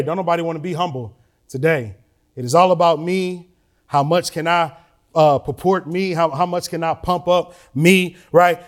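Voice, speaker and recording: Preaching man with a lilt. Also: fairly high pitch. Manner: conversational preaching with rising emotional emphasis. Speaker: pastor. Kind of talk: sermon. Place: church sanctuary.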